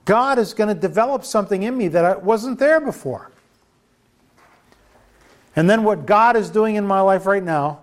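Emphatic male preacher with a higher voice. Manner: emphatic, repeats phrases and asks the audience questions. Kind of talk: sermon.

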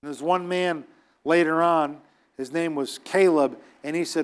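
A man with a notably high voice delivers a sermon in an emphatic, exhorting way. He scolds his listeners and acts out the voices of the people he quotes. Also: fairly even intonation, unhurried, clear, resonant tone. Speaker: preacher.

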